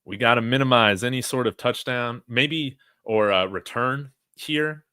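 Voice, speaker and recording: A man giving live play-by-play reactions as a fan, reading chat comments aloud and shouting on big plays. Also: mid-range voice, measured pace, clean tone, no room sound, studio quality. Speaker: fan watch-along commentator.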